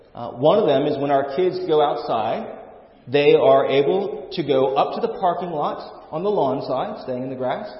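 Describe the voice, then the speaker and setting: A male pastor preaching a sermon in an earnest way, often restarting and repeating words. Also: mid-range voice. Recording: echoey hall, dull lo-fi sound.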